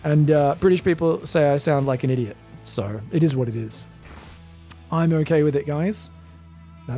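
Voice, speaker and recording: Guy casting a strategy game live, kinda high gravelly voice, gets hyped and yells at big plays, faint music underneath. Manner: excitable, bursts into loud shouts at big plays; chatty, addresses viewers directly. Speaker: esports caster.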